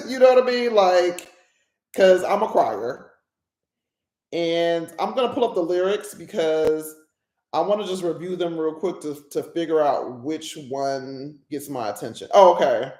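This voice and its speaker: A woman's voice: lowish voice, unhurried, dark tone. Candid woman podcaster in a roomy space. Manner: candid, emotional, rambling with restarts. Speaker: podcast host. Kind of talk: personal reflective monologue.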